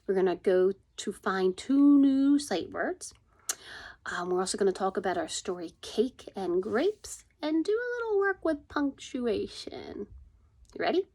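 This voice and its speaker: A woman teaching a recorded phonics lesson to young children, slow and encouraging, sometimes dropping to a whisper for suspense. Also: mid-range voice, very animated, a little mellow.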